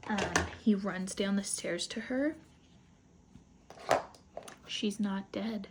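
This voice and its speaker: A woman's voice: medium pitch, very slow, heavy background noise. A woman casually recapping a novel for her book club, chatty and rambling with asides.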